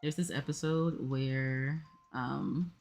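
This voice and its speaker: A woman's voice: extremely low pitch, slow, a little mellow. A woman hosting a puzzle livestream, chatting casually and rambling with lots of fillers while she talks to her viewers. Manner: talks to chat while working a jigsaw.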